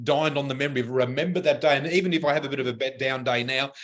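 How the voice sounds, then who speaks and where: A man's voice: medium pitch, rapid-fire, fairly bright tone. A middle-aged man co-hosting a radio talk show, telling a story animatedly and laughing often. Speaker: radio co-host. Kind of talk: casual chat, storytelling.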